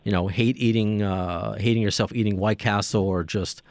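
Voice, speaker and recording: A man's voice: on the low side, steady tone, moderate pace, darkish tone, dry recording, clean studio sound. A man hosting a casual podcast interview, asking long, rambling questions with many restarts. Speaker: podcast host.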